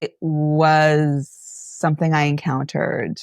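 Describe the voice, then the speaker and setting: A woman's voice: sits low, slow, no echo, studio quality. A middle-aged woman from Lebanon, an actor and playwright, talking as a podcast guest and acting out the people she quotes. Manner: animated storyteller, acts out quotes. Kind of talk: podcast interview.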